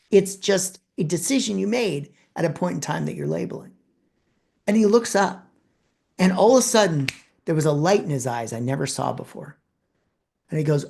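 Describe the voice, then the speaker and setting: A man presenting a talk, telling a personal story with dramatic pauses and acted-out dialogue. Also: fairly high pitch, lively intonation, vocal fry, a little mellow.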